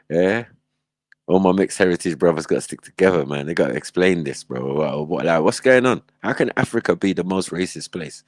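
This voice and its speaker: A man's voice: low-pitched, lively intonation, moderate pace, dry recording. A man hosting a livestream, reacting in casual, slangy commentary and laughing often. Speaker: livestream host.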